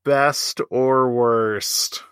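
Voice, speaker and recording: A man in casual podcast chat who laughs a lot and jokes with loose, profane humor. His voice sits at an ordinary middle pitch. The sound is dry and close, with no room around it. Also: steady tone, extremely slow, fairly bright tone, clear, resonant tone, no echo. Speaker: podcast co-host.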